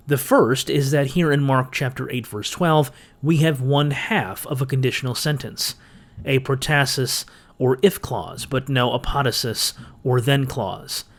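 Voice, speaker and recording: A man hosting a biblical studies channel, reading a scripted lecture in a methodical, explanatory way with touches of dry humor. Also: medium pitch.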